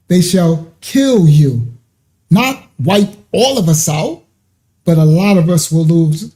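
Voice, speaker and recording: Preaching man with a high voice, dark tone, emphatic, conversational, repeats himself, Bible-study sermon.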